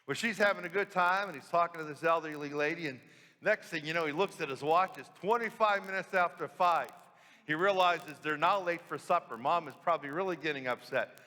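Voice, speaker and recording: A priest giving a homily and telling a story with rhetorical questions. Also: male voice, fairly high pitch, brisk, sharp tone. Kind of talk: sermon storytelling. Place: church. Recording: long church reverb.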